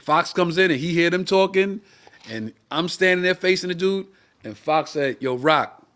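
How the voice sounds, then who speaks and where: Animated man telling a profane story. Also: on the high side, normal speed. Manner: animated, profane anecdote with acted-out voices. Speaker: comedian and co-host. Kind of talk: storytelling on a live-streamed talk show.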